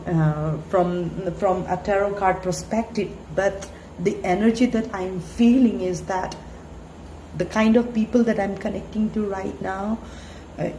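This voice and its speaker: A woman's voice: medium pitch, dark tone. Echoey-voiced woman giving a tarot reading. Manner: earnest, halting, many fillers. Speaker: tarot reader. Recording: echoey room, faint hiss.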